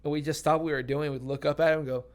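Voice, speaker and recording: Animated laughing young man storyteller. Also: a little high, very fast. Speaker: podcast co-host. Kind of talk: casual chat.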